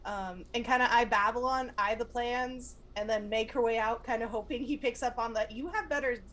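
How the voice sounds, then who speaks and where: Higher-voiced woman player, giggly. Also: fairly even intonation, moderate pace, a bit bright. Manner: giggly, describes her character's actions. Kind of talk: casual tabletop game chat.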